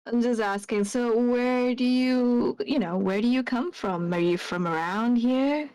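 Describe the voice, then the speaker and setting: A woman's voice: on the high side, a little slow, a little mellow, clean tone, dry recording. Flirty woman playing a tabletop game. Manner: flirty, teasing. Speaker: player.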